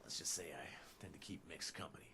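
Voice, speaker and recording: A man's voice: low voice, quick pace, gravelly, sharp tone, in a whisper, heavily acted. An actor playing a chatty reformed male ex-raider in a video game, rambling with self-deprecating asides. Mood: scheming.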